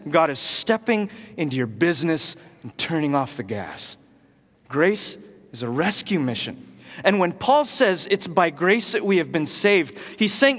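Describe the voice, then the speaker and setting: Storytelling preacher with a hall echo. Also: male voice, sits high. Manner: storytelling, animated, with loud acted outbursts. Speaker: pastor. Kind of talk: sermon. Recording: long hall reverb.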